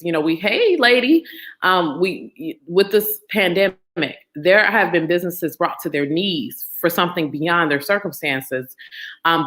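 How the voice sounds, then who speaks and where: A woman with a fairly low, full voice hosts a motivational live stream. She tells her story in an animated way and greets viewers by name as she goes. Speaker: host.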